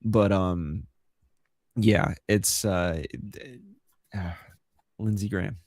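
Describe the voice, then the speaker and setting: Excitable laughing man co-hosting. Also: sits low, slow, no room sound, studio quality. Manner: laughing, excitable, swears often. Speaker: co-host. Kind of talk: casual political chat.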